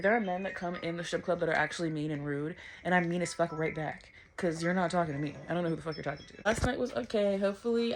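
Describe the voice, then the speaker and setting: A woman's voice: lowish voice, a little hiss or hum. A woman, chatting casually to camera in a vlog, blunt and swearing freely. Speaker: vlogger.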